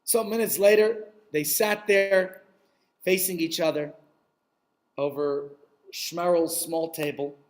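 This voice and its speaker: A man telling a Hasidic story aloud, animated and sprinkled with Yiddish words. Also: a little high, slow, pauses often.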